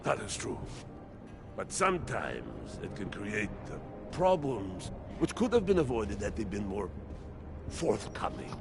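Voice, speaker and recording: An actor playing a guarded, formal man in a video game, speaking in a measured, deliberate way. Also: fairly low pitch, huge pitch swings, creaky, heavily acted. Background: game music.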